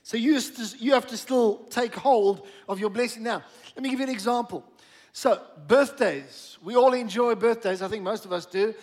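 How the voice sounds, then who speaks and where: A man preaching a sermon as pastor of a church, slowing down on key words and asking the congregation to repeat after him. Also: very high-pitched, a little mellow.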